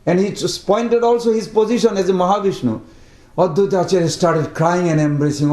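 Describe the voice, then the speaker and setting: A man's voice: high voice, fairly quick, a little mellow. A man leading a study group, telling a devotional story in broken English, chanting verses and acting out what the characters say. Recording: roomy echo.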